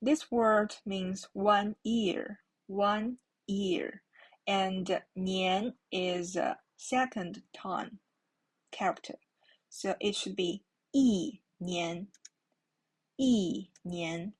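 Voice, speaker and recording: A woman's voice: medium pitch, steady tone, drawn-out words, slightly rough. A woman giving a patient Mandarin lesson, repeating each word twice as she explains the tones. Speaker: Mandarin teacher. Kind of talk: slow explanatory language lesson.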